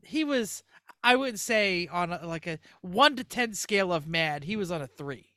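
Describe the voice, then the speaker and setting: Animated, bright-voiced man telling stories. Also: high-pitched, normal speed, no echo, studio quality. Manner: animated storyteller, acts out quotes. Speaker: podcast co-host. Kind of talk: casual storytelling chat.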